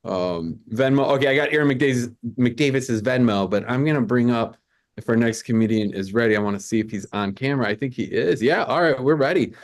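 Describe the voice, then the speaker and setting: Male host, casual comedy banter, rambling, repeats himself, video call audio. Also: mid-range voice. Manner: rambling, stammering restarts, quick asides. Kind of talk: casual live-stream banter. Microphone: video call mic.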